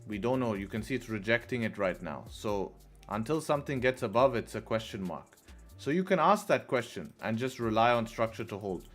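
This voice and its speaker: A man's voice: fairly low pitch, animated, a little fast, a bit bright. A young man hosting a live trading stream, chatting casually and answering viewers' questions as he goes. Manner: laid-back, chatty, reads chat aloud. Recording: faint music behind.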